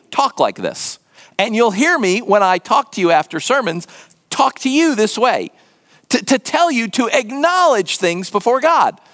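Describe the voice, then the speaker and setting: Male pastor preaching, high voice, animated pitch, earnest and conversational, hushed whispered emphasis. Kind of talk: sermon.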